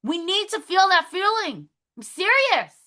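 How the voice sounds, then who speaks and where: A woman leading a motivational video call for her sales team, upbeat and coaching, breaking into excited affirmations. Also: very high-pitched, a little slow. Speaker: team leader.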